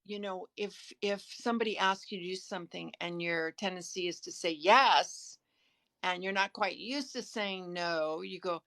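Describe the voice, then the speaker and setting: A woman's voice: on the low side, a bit bright, no echo. A woman, an author co-hosting a casual live stream, sharing advice earnestly with frequent restarts. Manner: earnest, shares tips, halting restarts. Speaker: author and co-host. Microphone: phone.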